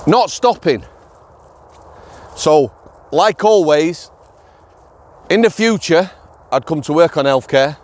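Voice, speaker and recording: A man's voice: on the high side, expressive, takes it slowly, long pauses. A middle-aged man with a Yorkshire accent, a former prison officer telling stories in a casual, blunt vlog, often checking in with "yeah?". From Yorkshire, England. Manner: chatty, blunt, tag questions like "yeah?".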